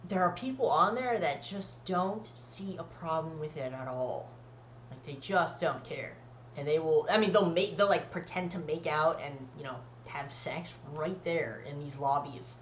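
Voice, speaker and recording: A man's voice: a little high, measured pace, a bit bright, roomy sound, slight background noise, rough recording. A man co-hosting a podcast, telling long, rambling stories full of swearing in casual chat. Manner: rambling, profane, storytelling. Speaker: podcast co-host.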